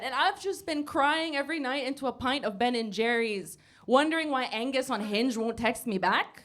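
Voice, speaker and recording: A woman's voice: high-pitched, moderate pace, a bit bright, a little hiss or hum. A woman doing a stand-up comedy set, brash and sarcastic, swearing freely. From United States. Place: basement comedy club before a live audience.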